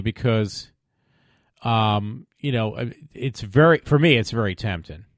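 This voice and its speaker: Speaking a little slowly in a medium pitch, this man hosts a web show from his home desk microphone, and the sound is studio quality with no echo. His talk is loose and casual, full of fillers, wandering asides, trailing sentences and sarcastic fake begging.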